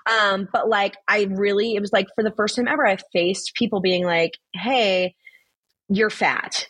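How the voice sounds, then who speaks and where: A young woman guest telling stories in a casual podcast chat, blunt and animated, swearing freely and saying "like" constantly. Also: medium pitch, measured pace, slightly rough, no echo. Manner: chatty, swears freely, fills talk with "like". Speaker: guest, social media influencer.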